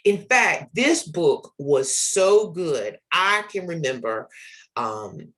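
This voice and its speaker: A man in his forties, host of a literacy podcast, speaks slowly in a high, very animated, pushed and bright voice. His personal stories are earnest and reflective, with an occasional filler word.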